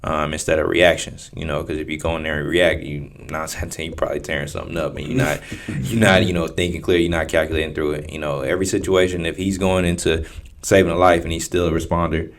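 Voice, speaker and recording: A man co-hosts a casual podcast. He talks in a laid-back, rambling way, full of "um" and "you know." His pitch barely moves. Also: flat delivery, fast talker. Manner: laid-back, rambling with many fillers and restarts. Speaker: podcast co-host.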